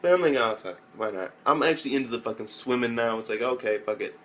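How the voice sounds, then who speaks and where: Young man, anime reviewer, casual rambling recap, heavy swearing, mid-pitched voice, jumps into loud character impressions. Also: animated, quick pace, slight background noise. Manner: rambling, loose, swears a lot, mimics characters in raised voices.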